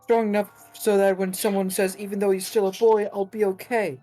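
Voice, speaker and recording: A woman voicing a timid young boy who resolves to grow stronger, in a soft, earnest voice pitched well below her own. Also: flat delivery, a little fast, soft background music, natural voice.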